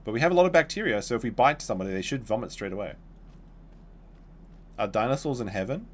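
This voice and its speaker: While playing a dinosaur game on stream, a man keeps up a rambling, chatty running commentary for his viewers. His voice is mid-range and animated, and he talks at a quick pace.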